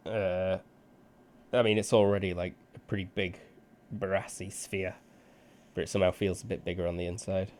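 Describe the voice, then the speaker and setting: A low-voiced man narrating a tabletop game as game master. He describes the scene casually, with fillers and restarts along the way. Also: level tone, normal speed, darkish tone, a little hiss or hum.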